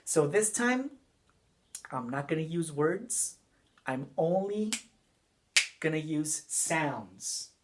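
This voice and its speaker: A man's voice: fairly high pitch, lively intonation, slow, long pauses, slight background noise. A man teaching a children's music lesson, patiently repeating each step and asking the class questions as he goes.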